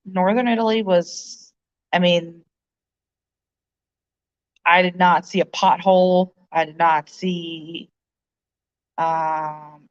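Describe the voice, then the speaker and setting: A woman's voice: on the low side, clean tone. A woman hosting a livestream, chatting casually with viewers in a rambling way, full of fillers and laughs, recorded on a phone. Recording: dull lo-fi phone audio.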